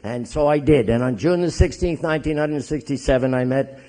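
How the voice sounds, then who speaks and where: A man's voice: medium pitch, moderate pace. Joking Canadian priest telling his story. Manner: joking, animated storyteller who acts out others' voices. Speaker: AA speaker, Catholic priest. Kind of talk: humorous recovery storytelling to an audience.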